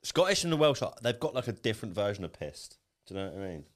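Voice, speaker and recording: A man co-hosting a casual podcast, chatty and quick to butt in, swearing freely. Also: on the low side, sing-song.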